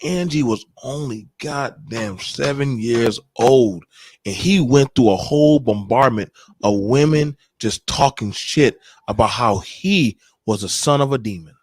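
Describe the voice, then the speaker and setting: A man telling stories on a podcast, emphatic and animated, with plenty of profanity. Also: medium pitch, measured pace, no echo. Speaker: podcast co-host. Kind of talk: casual podcast discussion.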